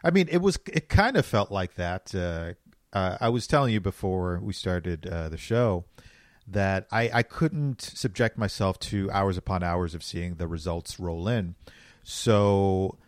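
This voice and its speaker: A man co-hosting a casual podcast, telling stories in a relaxed, reflective way. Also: deep voice, measured pace, no room sound, studio quality. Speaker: podcast co-host.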